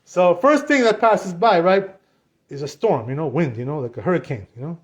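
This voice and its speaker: Rabbi, man, high-pitched; lively storyteller who acts out the dialogue. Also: moderate pace. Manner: animated retelling, acts out dialogue, frequent "you know". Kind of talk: storytelling Torah class.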